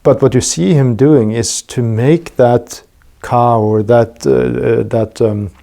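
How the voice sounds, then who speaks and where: A man's voice: medium pitch, steady tone, slow pace, creaky, mellow. A man hosting a podcast interview, talking casually and thinking aloud with frequent restarts and fillers. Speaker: podcast host.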